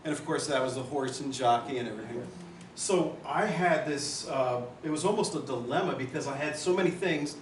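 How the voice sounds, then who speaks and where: A man's voice: medium pitch, a little fast, slight background noise. Emotional man telling stories, far off. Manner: emotional, rambling storyteller. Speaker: memorial speaker. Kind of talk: personal memorial speech. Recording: roomy hall, far from mic.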